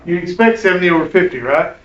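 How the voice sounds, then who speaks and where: A man lectures a class in an easygoing, conversational way, often pausing to ask "right?". His voice sits a little high and carries through a roomy, echoing classroom. It is picked up from some distance on a muffled recording. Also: lively intonation, fairly bright tone. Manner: conversational, keeps checking in with "right?". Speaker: instructor.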